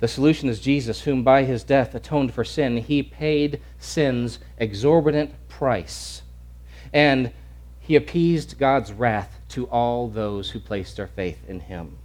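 A male preacher delivers a dramatic sermon at a slow pace in a mid-range voice. He swings between shouted lines and hushed near-whispers, repeating words as he acts out the scene.

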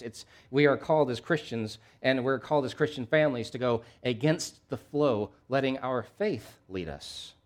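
Male pastor, mid-pitched voice, sermon delivery with soft asides and loud emphatic questions. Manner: preaching with wide swings between soft low asides and loud emphatic questions; reads scripture aloud at a brisk pace.

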